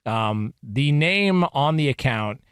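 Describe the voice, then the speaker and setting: A man co-hosting a casual sports talk radio show, animated and emphatic as he reads quotes aloud. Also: mid-range voice, takes it slowly, clean tone, dry recording, clean studio sound.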